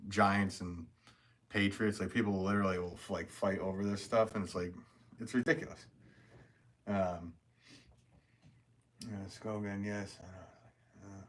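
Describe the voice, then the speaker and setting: A man's voice: fairly low pitch, a little hiss or hum, rough recording. A man chatting casually while he works during a live stream from his pottery studio, rambling, full of fillers, and laughing often.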